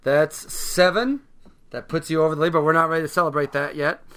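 A man's voice: a little high, steady tone, fairly quick, sharp tone. A man hosting a casual sports trivia quiz on his show, upbeat and chatty. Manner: upbeat, chatty, frequent restarts and throat clearing. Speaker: podcast host running a trivia quiz.

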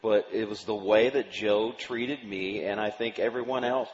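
A man's voice: fairly low pitch, fairly even intonation, moderate pace, in a large hall, muffled recording. A man speaking as a guest on a radio talk show, earnest and repeating himself. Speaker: baseball broadcaster guest.

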